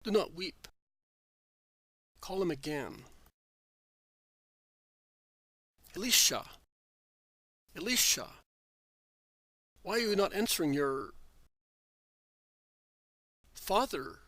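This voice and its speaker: A man's voice: a little high, lively intonation, takes it slowly, pauses often, a bit bright, no echo, heavily acted. A man voicing a grieving old father who pleads urgently and tearfully in a storybook reading. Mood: anguished. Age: older.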